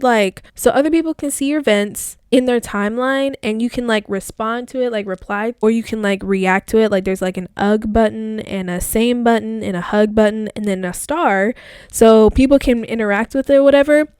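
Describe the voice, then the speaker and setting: A woman's voice: a little high, normal speed, darkish tone, smooth, no echo, studio quality. A young woman hosting a casual solo podcast, reflecting aloud as she reads her old online posts, talking in a chatty, reflective way full of fillers. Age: young adult. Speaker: podcast host.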